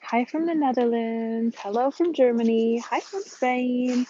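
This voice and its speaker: A woman's voice: fairly high pitch, slow pace, pauses often, mellow, dull audio, slight background noise. Chatty Midwestern woman live-streaming outdoors. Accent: American Midwest. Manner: chatty, greets viewers by name, laughs often. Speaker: vlogger hosting a live stream. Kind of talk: casual live-stream chat. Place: outdoors by a harbor.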